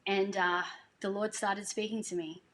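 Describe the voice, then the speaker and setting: A woman's voice: medium pitch, flat delivery, normal speed, a little hiss or hum. A woman telling a personal faith story in a casual way, earnest and emotional, laughing now and then. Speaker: singer sharing a testimony.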